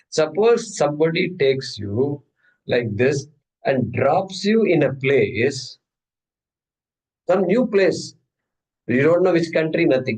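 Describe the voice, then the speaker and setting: A man's voice: a little high, a little mellow, rough recording. A man teaches an informal scripture class. He talks in a loose, joking way and poses questions to the room before answering them himself. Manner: humorous, conversational, asks and answers his own questions. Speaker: Gita teacher.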